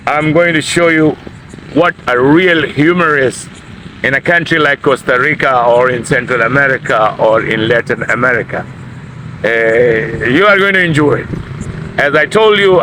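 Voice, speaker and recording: Man teaching, bright voice. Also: fairly high pitch, a little hiss or hum, rough recording. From Pakistan. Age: middle-aged. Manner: explains slowly, repeats words. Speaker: language teacher. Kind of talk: casual video lesson.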